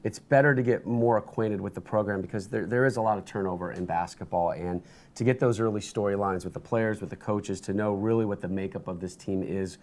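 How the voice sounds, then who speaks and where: A man talking as a guest in a studio interview, telling animated stories with lots of restarts and bursts of energy. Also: on the low side, fairly quick. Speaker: interview guest, sports broadcaster.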